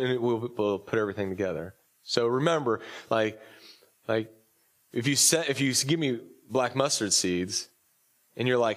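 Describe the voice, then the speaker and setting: A man's voice: medium pitch, fairly quick. A man preaching a casual, joking sermon as a pastor at a church service, his voice slightly off while recovering, with many fillers and restarts. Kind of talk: conversational sermon.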